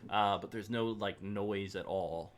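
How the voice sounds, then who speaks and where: A man narrating a tabletop game as game master, in a relaxed way with many fillers. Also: lowish voice, a little slow.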